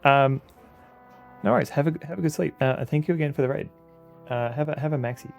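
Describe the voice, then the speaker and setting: Creaky-voiced man chatting through a game. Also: fairly high pitch, fairly quick, faint music behind. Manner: chatty, rambling, answers chat. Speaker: streamer. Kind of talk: casual gameplay commentary.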